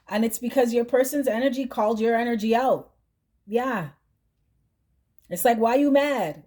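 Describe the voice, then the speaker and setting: A woman talks through a tarot reading in a warm, mellow tone that sits a bit high. She is chatty and direct. She checks in with "right?" and hums "mm-hmm" between thoughts. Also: slight background noise. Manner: chatty, keeps asking "right?" and humming "mm-hmm". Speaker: tarot reader.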